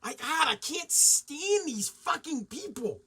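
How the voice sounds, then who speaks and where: A man hosting a podcast, ranting excitably and swearing freely in a casual style. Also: very high-pitched, slow pace, noisy background. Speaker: podcast host.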